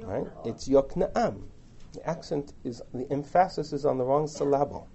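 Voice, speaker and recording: A Torah teacher gives a lecture on a biblical text, reading verses aloud, translating them line by line, and adding chatty asides and questions for the class. His voice is medium-pitched and dark with vocal fry, at a moderate pace.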